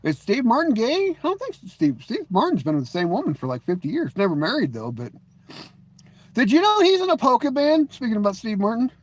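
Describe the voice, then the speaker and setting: A middle-aged man with a very high, highly animated voice hosts a live stream, talking a little fast as he chats casually with viewers. He rambles and jokes, restarting often and leaning heavily on "you know."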